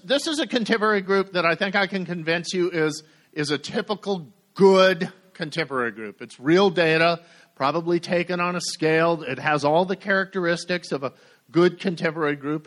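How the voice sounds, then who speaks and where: Middle-aged man presenting to a room, slightly higher voice, hesitant with lots of ums, dry wit. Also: fairly bright tone. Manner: halting, many fillers, dry humor. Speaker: conference speaker. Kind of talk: technical presentation.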